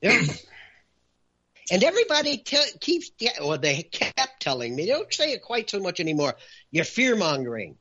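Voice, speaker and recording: Man, emphatic talk-show guest, very lively pitch, bright, sharp tone, dull lo-fi audio. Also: normal speed, breathy edge. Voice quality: raises voice for emphasis. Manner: animated, lists points in a punchy countdown.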